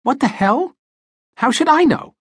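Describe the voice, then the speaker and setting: A man voicing a wiry, chipper aging male small-time crook in an audiobook, rusty and quick to take offense. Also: huge pitch swings, husky, no echo, clean studio sound, full character voice. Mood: indignant. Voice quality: rusty, nasal, high. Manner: wheedling and easily offended. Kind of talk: audiobook character voice.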